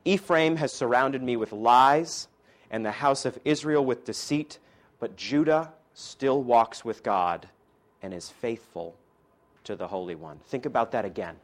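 A man giving a sermon to a class, swinging from loud, emphatic declarations to soft, quiet asides and jokes with his listeners. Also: mid-range voice, a little slow. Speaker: preacher and teacher.

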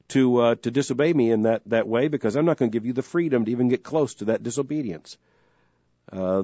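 A middle-aged man hosts a call-in radio show in a mellow, dark voice, talking earnestly and circling back on his phrases as he builds a point. The sound is dry and a little dull, like a broadcast studio feed. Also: medium pitch, dry recording. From Florida, US. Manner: earnest, measured, repeats himself when starting a thought. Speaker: radio talk show host.

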